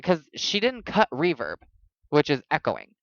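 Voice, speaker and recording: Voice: medium pitch, wildly swooping pitch, a little slow, no room sound, muffled recording. A podcast host in casual chat, telling stories in a blunt, jokey, profane way.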